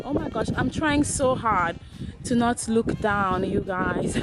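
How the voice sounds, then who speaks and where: A woman vlogging outdoors on a rainforest hill, excitable and often exclaiming in fright and awe. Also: mid-range voice, takes it slowly. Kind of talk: casual travel vlog. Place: outdoors on a hillside rainforest trail. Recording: music playing over the voice.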